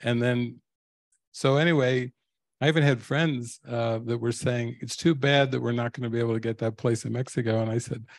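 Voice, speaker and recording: A man's voice: medium pitch, fairly even intonation, normal speed, creaky, dry recording. Older man, spiritual teacher, storytelling, laughs often, dry close sound. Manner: laughs often while telling stories. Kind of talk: storytelling talk to a live audience.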